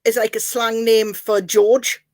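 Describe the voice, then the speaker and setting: A woman's voice: fairly high pitch, a little slow, dry recording. A woman from Newcastle with a Geordie accent, chatting casually on a video call. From Newcastle, northeast England. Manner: chatty, animated, laughs often. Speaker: guest.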